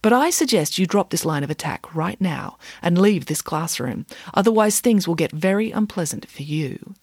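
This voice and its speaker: A woman voicing a calm, precise schoolgirl who lays out her deductions. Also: on the low side, moderate pace, breathy edge, no room sound, studio quality. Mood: coolly logical. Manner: calm, clipped, reasoning. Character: cool, precise schoolgirl detective.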